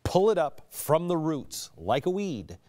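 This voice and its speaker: A middle-aged man delivers a televised political monologue in a highly animated voice that climbs and plunges. He swings between hushed, slow warnings and forceful emphasis, and the sound is close and dry with no room around it. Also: dry recording. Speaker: host.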